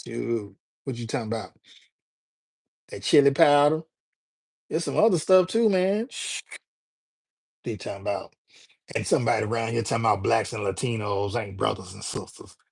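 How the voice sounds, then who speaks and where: A man's voice: mid-range voice, lively intonation, moderate pace, vocal fry, pauses often, slightly rough, no echo. A man hosting a live stream, chatting loosely with his viewers in a joking way and using plenty of slang. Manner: loose, joking, talks straight to the chat with slang. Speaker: livestream host. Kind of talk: casual live-stream chat, reacting to viewers.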